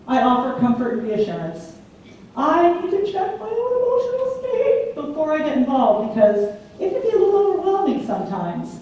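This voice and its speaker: A woman speaking at a lecture in a mellow, fairly high voice, telling lively stories and acting out the voices she quotes. She is heard from a distance in a very echoey hall with a faint hum behind her. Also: moderate pace. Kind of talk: public lecture. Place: large community hall.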